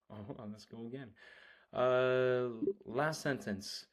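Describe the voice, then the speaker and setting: A man whose first language is Spanish, practising reading aloud and slowing down over each phrase, with quick casual remarks in between. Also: mid-range voice. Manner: reads French slowly and carefully, quick self-talk between lines. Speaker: language learner.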